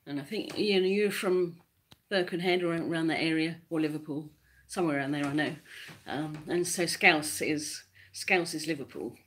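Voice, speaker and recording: A woman's voice: sits low, normal speed, few pauses, a bit bright, slight background noise. A woman co-hosting a casual livestream chat, explaining things at length in a chatty way and laughing often. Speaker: livestream co-host.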